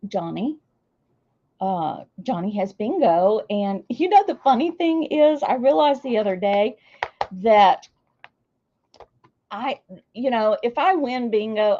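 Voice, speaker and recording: Older woman, slow gushing chat, muffled lo-fi sound. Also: a little high, expressive. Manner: warm, emotional, gushing. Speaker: streamer hosting a celebration. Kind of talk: casual chat to viewers.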